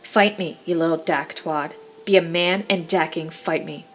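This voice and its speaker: A woman's voice: fairly low pitch, fairly even intonation, a little slow, fairly bright tone, a little hiss or hum. A woman voicing a tough young man, a gang enforcer who talks with cold, taunting menace. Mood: goading.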